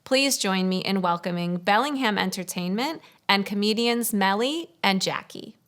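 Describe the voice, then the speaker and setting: A woman's voice: medium pitch, animated, moderate pace, a bit bright. A woman hosting a charity benefit, thanking sponsors and introducing the comedians in an upbeat way. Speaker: event host. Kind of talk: benefit event announcing.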